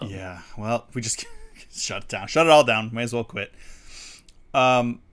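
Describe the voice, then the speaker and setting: A man's voice: mid-range voice, measured pace, fairly bright tone. Rambling, laughing man in casual chat. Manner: rambling, laughs often, many fillers. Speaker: podcast co-host. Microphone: studio mic on a livestream.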